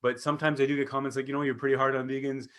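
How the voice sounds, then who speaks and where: A man's voice: mid-range voice, little pitch movement, very fast, fairly bright tone. A man hosting a solo podcast, upbeat and chatty, often repeating his greetings and phrases. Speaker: podcast host.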